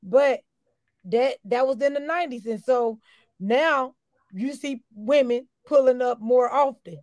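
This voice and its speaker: A woman in her forties, co-hosting a casual podcast chat, animated and quick to act out the people she quotes. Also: high-pitched, no room sound. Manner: animated, acts out quoted callers, laughs easily. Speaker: co-host.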